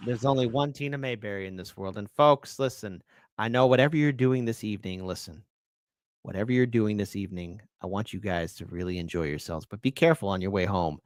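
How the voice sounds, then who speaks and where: A middle-aged man hosting a casual livestream, joking and giving shout-outs to viewers. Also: on the low side, a little fast, no room sound, studio quality. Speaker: livestream host.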